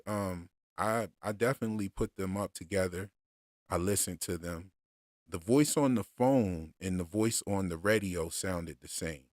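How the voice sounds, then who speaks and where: A man with a very low voice talks slowly and casually to his livestream audience. He stops often for fillers and restarts his sentences. His voice sits close and dry on the microphone. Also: no echo. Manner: relaxed, unhurried, with many fillers and restarts. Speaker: streamer discussing show theories.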